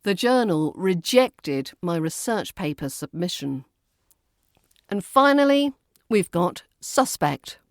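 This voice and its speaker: A woman with a British accent teaching a pronunciation lesson, saying each word slowly and deliberately. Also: fairly low pitch, sing-song, no room sound, clean studio sound. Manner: slow, deliberate, stresses each word clearly.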